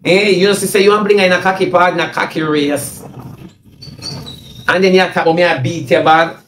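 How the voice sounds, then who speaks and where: A man's voice: high-pitched, steady tone, fairly quick, a bit bright. A man with a Jamaican accent delivers a mocking, repetitive, confrontational rant on a livestream into a phone. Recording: echoey room, faint noise.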